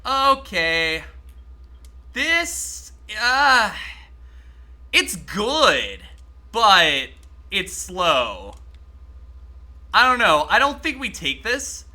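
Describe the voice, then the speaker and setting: A man streaming a game live, chatting excitably with his viewers and swearing freely as he plays. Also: sits high, drawn-out words, long pauses. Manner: talks to chat while playing. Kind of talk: casual live-stream gaming commentary.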